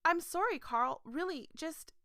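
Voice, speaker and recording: A secretive woman leader from a video game, put on by a player who raises the voice high and keeps it hushed. She speaks softly and apologetically, close and dry with no room around her. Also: lively intonation, measured pace, no echo, full character voice. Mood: apologetic. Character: secretive female cooperative leader, pleading.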